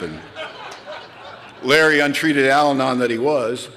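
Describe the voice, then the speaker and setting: A man's voice: medium pitch, fairly quick, a bit bright, a little hiss or hum. A man speaks candidly to a live crowd, mocking himself and telling his story with drama. His voice sits in the middle of the usual range. A long hall reverb trails behind every line. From United States. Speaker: recovery speaker. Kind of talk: storytelling talk to a live audience. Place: large hall.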